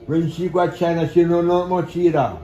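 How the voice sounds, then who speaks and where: A man's voice: on the high side, steady tone, fairly quick, warm tone. A man telling a story in a drawling patois. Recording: dull, echoey room recording.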